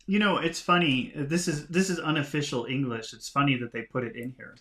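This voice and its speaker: A man teaching English vocabulary by reading a storybook aloud, talking in a relaxed, chatty way and laughing at himself. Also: fairly high pitch, brisk, few pauses. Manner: relaxed, chatty, laughs at himself, lively voices for quoted lines.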